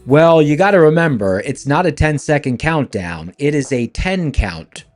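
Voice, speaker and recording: Playful man with voice-deepening filter. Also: big pitch swings, moderate pace, darkish tone. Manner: playful, talks straight to chat. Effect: voice changer lowering his voice. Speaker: live trading stream host. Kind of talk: casual live-stream commentary.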